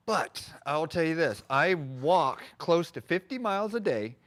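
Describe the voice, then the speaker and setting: A man's voice: a little high, big pitch swings, measured pace, a bit bright. A man co-hosting a live stream, chatting casually and reading out viewer comments. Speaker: live chat co-host.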